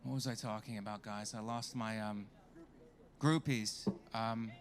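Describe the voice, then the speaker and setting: A man's voice: on the low side, steady tone, a little slow, noisy background. Brash, crowd-working man doing stand-up. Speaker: stand-up comedian. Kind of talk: stand-up comedy set. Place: comedy club stage with live audience.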